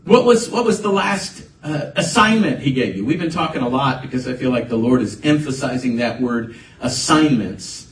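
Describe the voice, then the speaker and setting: A man's voice: medium pitch, expressive, normal speed. A man preaching a conversational sermon as a pastor, building to emphatic bursts. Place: church sanctuary. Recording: echoey room, voice from a distance, faint ambience.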